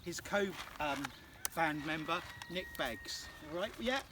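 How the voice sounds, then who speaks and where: A man in his thirties talks casually and teasingly as he walks visitors around farm fields. His voice sits slightly high and sounds some distance from the camera. Outdoor field noise is clearly present behind him. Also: slow pace. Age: 30s. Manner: jokey and chatty, teasing asides. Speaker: farmer giving a tour. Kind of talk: casual guided tour.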